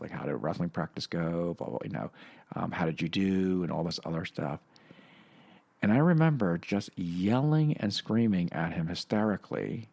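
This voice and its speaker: A middle-aged man hosting a podcast, telling a personal story in a halting, reflective way with many fillers and restarts. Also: lowish voice, a little mellow. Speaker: podcast host.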